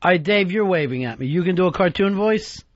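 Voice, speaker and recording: A man's voice: high-pitched, expressive, a little fast, slight background noise. A man hosting a talk radio show, teasing his co-host in casual banter. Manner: teasing, dry. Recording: dull lo-fi radio broadcast.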